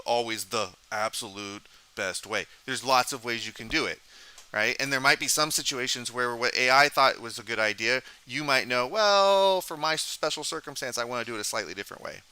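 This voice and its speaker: Male programming lecturer, very bright crisp voice, casual, thinks aloud, quizzes students. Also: mid-range voice, dry recording. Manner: casual, thinking aloud, asks class questions. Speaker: college programming instructor. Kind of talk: live coding lecture.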